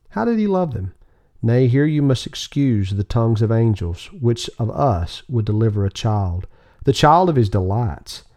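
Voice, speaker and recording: A man reading an old sermon aloud as an audiobook, in a measured, solemn manner with rising emphasis. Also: lowish voice, warm tone. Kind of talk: scripted devotional reading.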